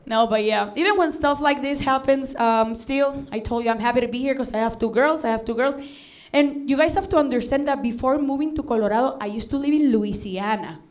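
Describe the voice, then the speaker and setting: A woman doing stand-up and hosting the night, with a fairly high voice. She talks in a chatty way and keeps breaking into giggles at her own jokes. She performs on a comedy stage in front of a live audience. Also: fairly quick, few pauses. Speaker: comedy show host and comedian.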